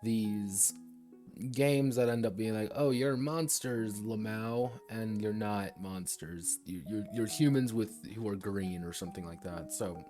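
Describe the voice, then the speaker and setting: Low-voiced man rambling on a stream. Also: unhurried, mellow, faint music behind. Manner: rambling and digressive, slips into quoted voices. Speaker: tabletop game designer and streamer. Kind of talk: casual livestream design talk.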